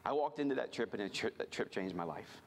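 A man from rural Virginia telling a personal story to a church audience, animated and self-deprecating, often asking the crowd questions. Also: fairly low pitch, quick pace, vocal fry, slight background noise. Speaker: missions speaker.

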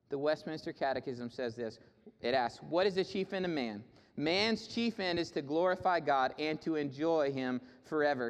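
A man preaching a sermon, moving between raised, emphatic declarations and quieter, conversational asides. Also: medium pitch, moderate pace. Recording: reverberant hall.

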